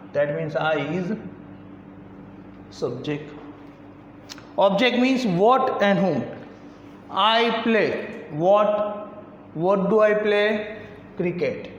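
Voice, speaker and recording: A high-pitched man with an Indian English accent teaches a grammar lesson, slowly and repetitively posing questions and answering them himself step by step. The recording has slight background noise and a dull, lo-fi sound in an echoey room.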